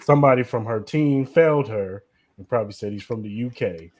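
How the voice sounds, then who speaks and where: A man's voice: medium pitch, a little fast, a little mellow. Blunt young man ranting on a podcast. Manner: blunt, opinionated, slangy. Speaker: podcast co-host. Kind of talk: casual chat.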